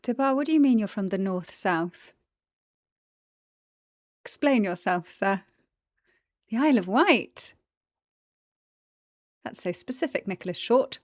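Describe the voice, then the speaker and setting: A woman's voice: a little high, lively intonation, moderate pace, long pauses, no echo, clean studio sound. A woman chatting casually on a livestream, greeting viewers, giggling, tired after the gym. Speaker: streamer.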